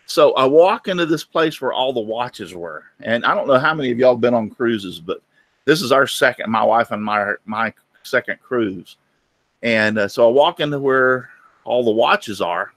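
Hosting a casual chat, this middle-aged man spins folksy anecdotes and does the voices of the people in them. His voice is medium-pitched and a bit bright, with no room sound.

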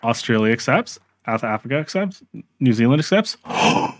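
A man's voice: medium pitch, big pitch swings, normal speed. A man casually commenting on his strategy game stream, chatting with viewers and reacting as he goes, with frequent fillers and restarts.

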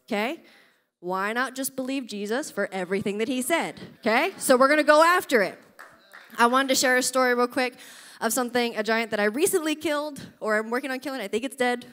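A woman preaching a sermon in church, telling stories with lively energy and often checking in with her listeners. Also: on the high side, fairly quick. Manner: animated storytelling, often checks in with "okay?".

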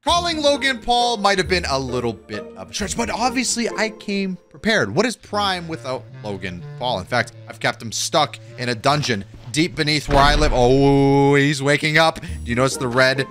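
Hyped young man narrating a game. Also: fairly high pitch. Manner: animated, hyped, rapid-fire interjections. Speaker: gaming YouTuber host. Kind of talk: excited gameplay commentary. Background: background music.

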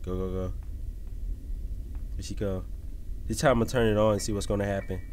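A man hosting a gaming channel, giving casual, slangy commentary on a mobile horror game, swinging from low mumbling to sudden shouts. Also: fairly even intonation, a little fast, a little hiss or hum. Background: background game music.

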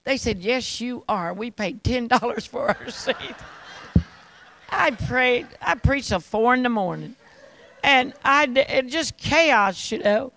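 A woman's voice: on the high side, slow pace, creaky, poor audio. An older woman preaching and telling stories, often laughing as she talks. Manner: laughing storyteller, animated. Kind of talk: testimony sermon with anecdotes.

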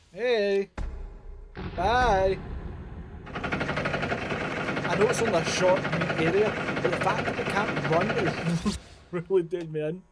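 A man's voice: high-pitched, slow, long pauses. A man commentating his horror game playthrough, jumpy and self-mocking, talking to himself as he plays. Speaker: gaming let's-play creator. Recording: loud game noise and sirens behind the voice. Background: loud game sound with sirens.

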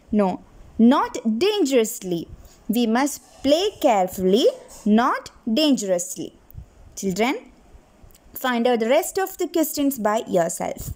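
A woman teacher giving a recorded class lesson, speaking slowly in a sing-song way and answering her own questions. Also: sits high. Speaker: primary school teacher. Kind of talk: recorded online class lecture. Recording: very echoey room, long reverb.

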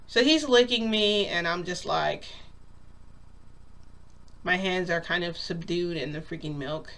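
A woman's voice: fairly low pitch, unhurried, pauses often, a bit bright. Rambling woman telling a story. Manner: rambling, lots of "like", acts out quotes. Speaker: vlogger. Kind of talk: casual storytelling.

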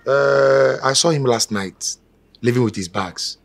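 A man's voice: mid-range voice, measured pace, close to an everyday voice. A Nigerian man playing a timid, anxious house servant who talks hesitantly and stammers. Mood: nervous. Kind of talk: Nollywood drama acting.

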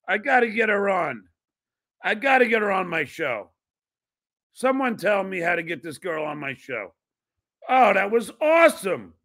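A middle-aged man hosting a podcast, loud, excitable and profane. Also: high voice. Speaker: podcast host.

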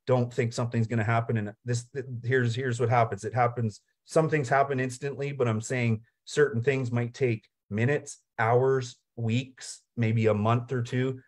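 A man's voice: medium pitch, steady tone, moderate pace, few pauses. A man who is a guest on an online session, talking casually and persuasively in an earnest way, often repeating words. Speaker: guest team member. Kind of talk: casual talk. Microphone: video call.

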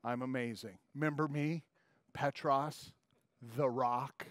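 A man's voice: medium pitch, steady tone, slow, a bit bright, dry recording, clean studio sound, pitched below the performer's own voice. A man voicing a brash, boastful fisherman disciple who later frantically denies his friend in a retold scripture story. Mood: cocky boastful. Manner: cocky then desperate protesting.

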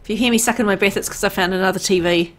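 A woman's voice: mid-range voice, steady tone, rapid-fire, fairly bright tone, slight background noise. A woman hosting a casual gaming session, chatty and giggly as she thinks aloud while looting. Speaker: let's play host.

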